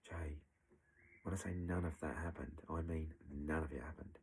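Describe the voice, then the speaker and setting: A man's voice: very deep voice, fairly even intonation, moderate pace, darkish tone, slight background noise. A man, imitating an outraged woman witness in raised, emphatic tones. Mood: insistent. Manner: emphatic denials, repeated insistence.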